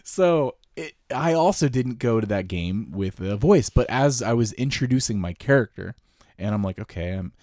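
A man's voice: mid-range voice, expressive, normal speed, darkish tone, dry recording, clean studio sound. A man co-hosting a tabletop gaming podcast, telling stories casually with frequent laughs. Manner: laughing, storytelling. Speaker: podcast co-host. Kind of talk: casual chat.

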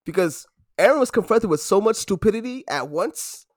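A man in his twenties telling stories in a casual chat, animated and laughing, breaking into loud impressions. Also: high-pitched, moderate pace, no room sound, clean studio sound. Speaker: podcast co-host.

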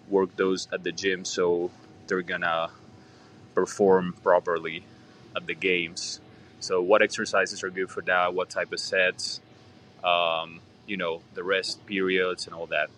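A man's voice: low-pitched, fairly bright tone, slight background noise. A man calling in with a question, playful and self-teasing, with many hesitant fillers. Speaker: caller. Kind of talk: recorded voice question.

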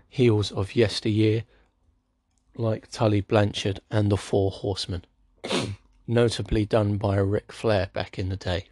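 A man's voice: lowish voice, a little mellow, no room sound. A man giving a casual spoken recap of a wrestling show, with dry, sarcastic asides.

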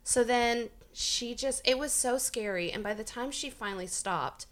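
A woman in her thirties, a guest telling a story in casual chat, animated and laughing as she acts out quoted voices. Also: a little high, normal speed.

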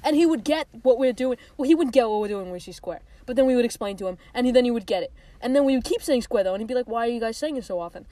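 A young woman with a fairly high voice, bantering on a podcast with her closest friend. She rambles, loses her train of thought, and keeps the chat silly and giggly. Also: expressive, rapid-fire, few pauses, warm tone, no room sound. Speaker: podcast co-host. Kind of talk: casual chat between friends.

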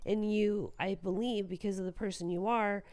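A woman's voice: mid-range voice, steady tone, normal speed, darkish tone. A middle-aged woman, a podcast guest, speaking in a supportive, affirming way. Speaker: guest, host's mother. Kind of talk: casual podcast conversation.

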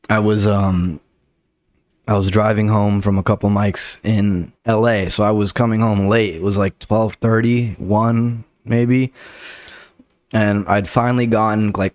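Casting: a low-voiced guy comic, rambling and cursing, recorded dry and close. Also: a little mellow, no room sound. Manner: profane, rambling, loose. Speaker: comedian and podcast host. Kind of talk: casual comedic storytelling.

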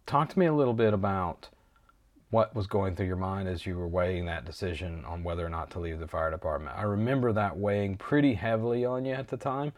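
Measured man with a low, dry voice. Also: dry recording. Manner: measured and thoughtful questioning. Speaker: interviewer. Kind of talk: interview questions.

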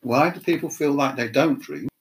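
A middle-aged woman co-hosting a casual chat podcast, playful and quick to laugh. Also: very deep voice, poor audio. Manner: giggly, playful, lively. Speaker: podcast co-host.

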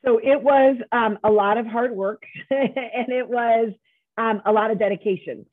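Over a tinny, dry phone line, a middle-aged nonprofit founder tells her story emphatically as an interview guest, often restarting. Her voice is fairly high and unhurried.

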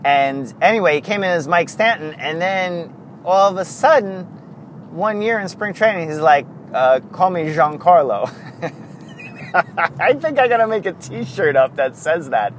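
A man's voice: high-pitched, expressive, measured pace, slight background noise. A man hosting a casual solo podcast, rambling, wandering off on tangents and chuckling often. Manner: chuckles often, many fillers. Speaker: podcast host.

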